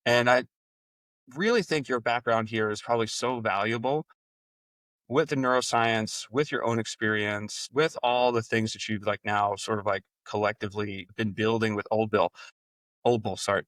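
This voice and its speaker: A man with a New York accent hosting a podcast, chatting casually and leaning on "you know" as he tells animated stories. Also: fairly low pitch, moderate pace, dry recording, far from the mic. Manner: filler-heavy, animated storytelling with voiced reactions. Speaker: podcast host. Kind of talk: casual interview chat.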